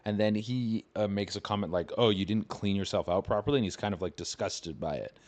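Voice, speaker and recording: A man's voice: lowish voice, fairly quick, darkish tone. A young man hosting a podcast, retelling an online story in a casual, profane, rambling way and scoffing that it is fake. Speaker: comedian podcast host.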